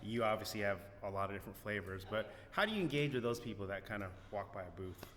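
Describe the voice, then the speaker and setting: Rambling podcast host in roomy echo. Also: male voice, lowish voice, quick pace, a bit bright. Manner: long rambling multi-part questions. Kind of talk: casual interview. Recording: roomy echo, long reverb, faint ambient noise.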